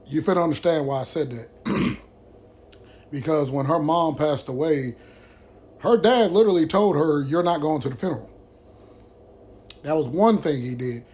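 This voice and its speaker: A man's voice: on the high side, moderate pace, a little mellow. A man hosting a vlog who tells a friend's story to the camera in a blunt, heated way, with constant swearing. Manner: blunt, heavily profane and heated.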